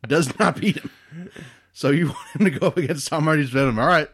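A man's voice: a little high, a little fast, a bit bright, slightly rough. A young man co-hosting a casual movie chat, sarcastic and joking, laughing as he talks. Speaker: podcast co-host.

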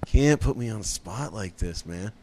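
A man's voice: on the low side, lively intonation, moderate pace, a little mellow, a little hiss or hum. A man as a podcast guest, swearing freely and joking at his own expense. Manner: profane, self-mocking, defensive. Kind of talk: casual podcast banter.

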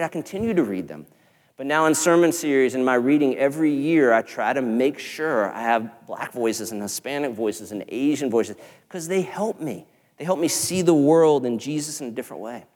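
A man's voice: fairly high pitch, darkish tone. A male pastor preaching a sermon in an earnest, conversational way, with rhetorical questions. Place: church sanctuary. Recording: church hall with long reverb.

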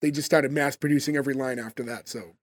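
A man's voice: medium pitch, steady tone, fast talker, no room sound. A man hosting a casual podcast, recapping scenes and asking puzzled questions. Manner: puzzled, questioning, many "like" fillers. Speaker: podcast host. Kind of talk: casual chat, recapping an episode.

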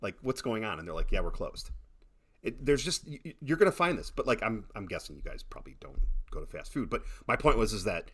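A middle-aged man chatting casually on a podcast, telling animated stories with many repeated starts. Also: lowish voice, fast, few pauses, breathy edge. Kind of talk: casual chat.

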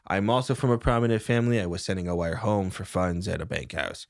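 A man's voice: low voice, fast, creaky, dry recording, clean studio sound. A man with a cold playing his character in a tabletop game, rambling and playful. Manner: rambling, playful, jokey asides. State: has a cold. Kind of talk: in-character roleplay and table talk.

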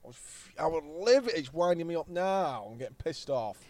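A man's voice: on the high side, expressive, fairly quick, darkish tone. A man, a podcast guest telling rambling anecdotes bluntly and swearing freely. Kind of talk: casual storytelling chat.

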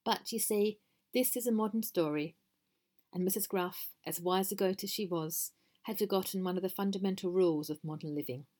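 A woman's voice: mid-range voice, fairly quick, darkish tone. A woman reading her own story aloud in a dry, wry narrating manner.

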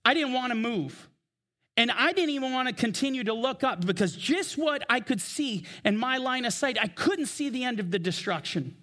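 A man preaching from the pulpit with a strikingly high voice. He speaks with emphasis and slows down for the scripture he reads aloud. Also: lively intonation, sharp tone. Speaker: pastor. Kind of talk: sermon. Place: church.

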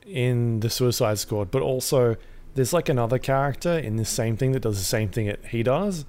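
A man's voice: medium pitch, normal speed, a little mellow. A man co-hosting a podcast, chatting casually, often asking questions and hesitating. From Australia. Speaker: podcast co-host. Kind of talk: casual chat.

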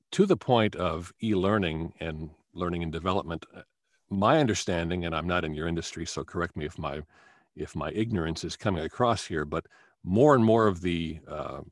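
A man's voice: low voice, no room sound, clean studio sound. A man who works as a voice actor, telling stories as a guest in a casual interview. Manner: storytelling, animated, with quick restarts.

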